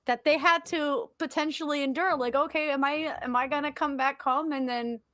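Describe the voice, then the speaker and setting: A woman's voice: high voice, fairly even intonation, normal speed, fairly bright tone, no room sound. A woman co-hosting a podcast in casual chat, emotional and swearing, with many fillers. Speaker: podcast co-host.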